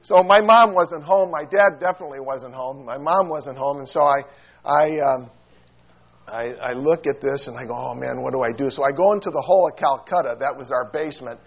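A man preaching a sermon, telling a funny childhood story in an animated, self-mocking way and acting out quotes with squeals and shouts. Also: fairly high pitch, a little fast, husky, muffled recording.

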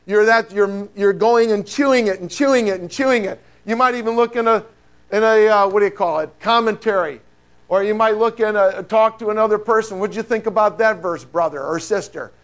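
Male pastor, middle-aged, high voice; lively conversational sermon, asks the congregation questions. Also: brisk. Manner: animated, conversational preaching with rhetorical questions.

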